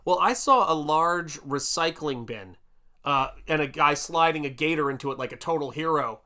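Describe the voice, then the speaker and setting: A man's voice: fairly high pitch, moderate pace, bright, forceful tone. A middle-aged American man hosting an art livestream, chatting casually and reading viewer comments aloud with lots of exclamations. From United States. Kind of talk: casual livestream chat while painting.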